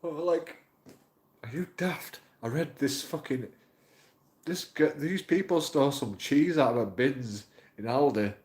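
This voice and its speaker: In a roomy, echoing space, a male YouTube auditor vlogger talks at normal speed in a medium-pitched, slightly mellow voice. His channel monologue is rambling and emotional, full of swearing and repetition.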